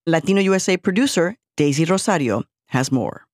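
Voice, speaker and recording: A woman hosting a radio show, reading scripted links in a lively way with Spanish phrases mixed in. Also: lowish voice, brisk, no room sound, clean studio sound.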